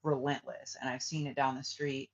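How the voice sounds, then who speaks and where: A man of middle pitch talks in a loose, rambling monologue, peppered with filler words and curses. The sound is dull and lo-fi. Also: little pitch movement, moderate pace. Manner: rambling, full of "like" and swearing. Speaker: spiritual reader and vlogger.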